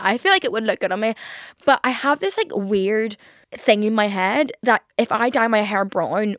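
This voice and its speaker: A young woman talks through her week on her podcast in a loose, rambling way, full of fillers and offhand swearing. Her voice sits at an ordinary middle pitch. The recording is dry and close, with no room sound. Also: dry recording. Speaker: podcast host. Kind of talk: casual confessional chat.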